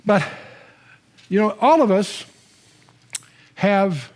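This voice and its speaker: High-voiced older man teaching the Bible. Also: drawn-out words. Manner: conversational, animated storytelling with restarts. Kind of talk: Bible teaching lecture to a live audience.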